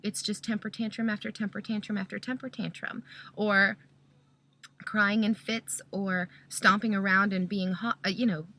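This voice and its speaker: A woman with a bright, forward voice at a middle pitch gives a casual teaching talk as a Christian parent. She works through her points one step at a time and keeps checking in with "okay?". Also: flat delivery, normal speed.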